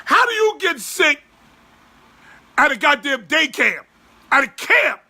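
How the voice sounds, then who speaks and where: A man in his forties hosting a sports podcast, ranting loudly and profanely in exasperation. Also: very high-pitched, sing-song, slow pace, vocal fry. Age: 40s.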